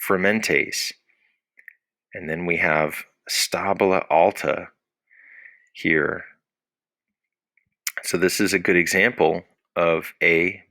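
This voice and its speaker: Deep-voiced man teaching a Latin lesson. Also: creaky, sharp tone, dry recording. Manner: explains patiently, asks questions and answers them himself. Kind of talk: recorded classroom lesson.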